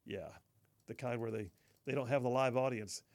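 A man's voice: medium pitch, normal speed, creaky. A man hosting a talk radio show, chatting wryly, reading listener texts and laughing along. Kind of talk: casual talk radio commentary.

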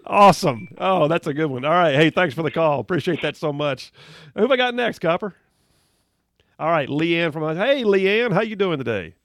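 A man hosting a call-in radio talk show, bantering quickly and upbeat with callers. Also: on the high side, expressive, a bit bright, no room sound. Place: radio studio. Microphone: studio mic, close.

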